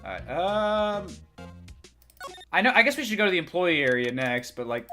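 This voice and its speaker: A woman's voice: lowish voice, sing-song, normal speed, sharp tone, faint music behind. A young woman giving casual, crude, rambling commentary while playing a game. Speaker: let's player.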